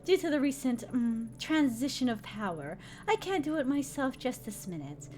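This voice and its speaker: A woman's voice: high-pitched, big pitch swings, moderate pace, darkish tone, slight background noise. A woman voicing a female yakuza boss in a game, speaking in a silky, mocking, coolly threatening way.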